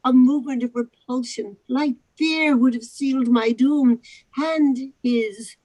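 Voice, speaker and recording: A woman narrating a novel aloud, expressive, with occasional stumbles over the words. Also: high voice, a little slow, rough recording. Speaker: narrator in a charity readathon.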